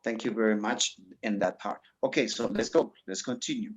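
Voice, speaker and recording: A man's voice: on the low side, normal speed. Man, English teacher, encouraging, video call class. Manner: encouraging, mixes in Spanish explanations. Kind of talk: online class instruction.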